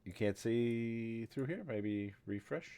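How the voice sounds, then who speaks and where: A man narrating as game master of a tabletop game, unhurried and conversational. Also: medium pitch, warm tone, clean tone.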